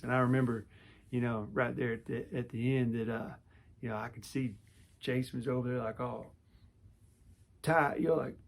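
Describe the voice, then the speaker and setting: A man's voice: mid-range voice, vocal fry. A man in his forties telling a personal story to camera, casual and rambling, with lots of restarts and fillers.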